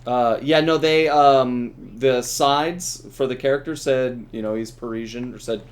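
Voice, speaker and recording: This is a middle-aged man talking loosely as he streams a game. He laughs easily, restarts his sentences and keeps the chat relaxed. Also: medium pitch, unhurried. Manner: chatty, laughs often, trails off in restarts. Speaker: streamer and voice actor. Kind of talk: casual chat while playing a game.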